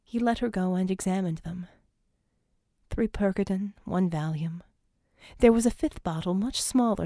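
Reading a tense scripted narration, this audiobook narrator delivers the characters with dramatic intensity, swinging from shouts down to breathy sobs. Her voice sits at a middle pitch, captured close and dry without any room sound.

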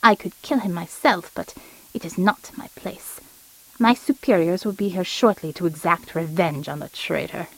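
A woman's voice: fairly low pitch, normal speed, no echo, low-quality recording. A woman voicing a cold, menacing male shapeshifting villain with a clipped German accent, read in a dry, close recording. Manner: icy, threatening.

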